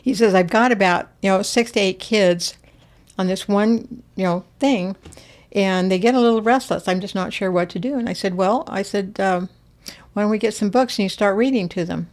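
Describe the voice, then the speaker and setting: In a casual interview, an older woman guest brings her family stories to life, mimicking the voices of the people in them. She speaks at a moderate pace in a mid-range voice.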